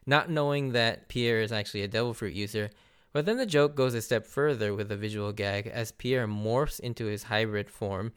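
A man giving a casual, animated recap of an anime arc, laughing often and acting out characters' lines. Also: fairly low pitch, normal speed, smooth. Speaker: anime reviewer.

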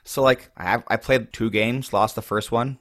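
A man's voice: medium pitch, fairly even intonation, normal speed, a bit bright, no room sound, studio quality. A man co-hosting a card-game podcast, chatting casually and rambling with lots of fillers. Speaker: podcast co-host.

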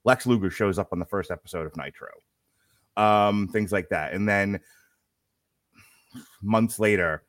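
A man with a Brooklyn accent co-hosts a casual podcast chat and tells stories with a lot of animation, lacing them with quick asides. His voice sits on the low side. The sound is dry and close, with almost no room. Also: no echo. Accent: Brooklyn, New York. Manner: animated storytelling, quick asides, frequent laughter. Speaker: podcast co-host.

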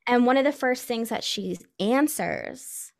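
A woman's voice: a little high, unhurried, vocal fry. A woman casually telling a ghost story to friends, acting out the quoted voices as she goes. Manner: animated, acts out quoted voices. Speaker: podcast co-host telling a story.

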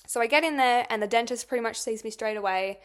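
A woman's voice: a little high, fast talker. A young woman hosting a podcast, telling a personal story in a casual, rambling way, swearing often and filling with "like". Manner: chatty, swears a lot, fills with "like". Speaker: podcast host.

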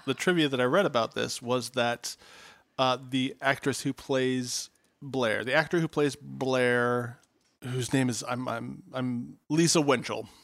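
A man's voice: medium pitch, fairly bright tone, no echo, clean studio sound. A man co-hosting a podcast, chatting casually about a TV episode and laughing at his own jokes. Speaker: podcast co-host. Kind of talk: casual chat recapping a TV episode.

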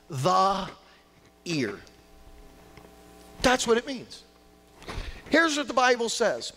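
High-voiced man preaching, big swings loud to quiet, reverby church hall. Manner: emphatic, swings from loud to hushed. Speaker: pastor. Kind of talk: sermon.

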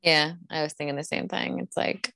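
A woman's voice: sits low, steady tone, moderate pace, creaky, sharp tone, no room sound. A woman co-hosting a podcast, chatting frankly and casually with lots of fillers. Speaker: podcast co-host. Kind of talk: casual chat about reality TV.

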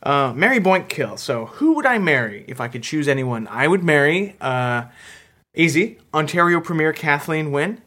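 Casting: male comedy podcast host, slightly high voice, hesitant deadpan delivery. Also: normal speed.

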